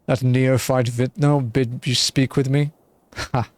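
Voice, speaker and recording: A man's voice: mid-range voice, little pitch movement, a little mellow, dry recording, natural voice. A man doing a scornful haughty wine baron. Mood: contemptuous. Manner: scornful, dismissive, slow and deliberate. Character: haughty male wine baron, arrogant and contemptuous.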